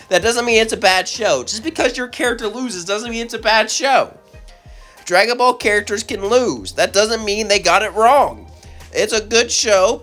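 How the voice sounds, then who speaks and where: A man hosting his own channel, telling a crossover story in a casual way and then ranting in an animated, exasperated voice, with a slight cough. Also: high voice. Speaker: channel host, narrator.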